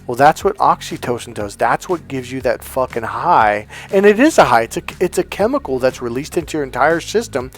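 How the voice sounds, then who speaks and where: A man delivering a coaching monologue on dating, blunt and emphatic, swearing freely as he drives his points home. His pitch sits in an ordinary middle range. Soft music plays faintly behind him. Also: expressive, brisk, hardly any pauses. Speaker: love coach.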